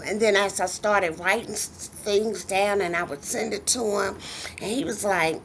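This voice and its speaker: Lively storytelling woman guest. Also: medium pitch, moderate pace, slight background noise. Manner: animated storytelling, acting out quoted voices. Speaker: guest author. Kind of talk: casual interview chat.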